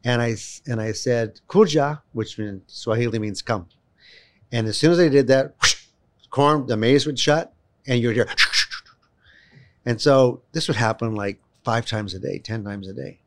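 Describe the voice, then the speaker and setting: A man telling a long personal story in conversation, animated and emphatic, often restarting his sentences. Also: medium pitch, normal speed. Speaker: guest, children's home volunteer.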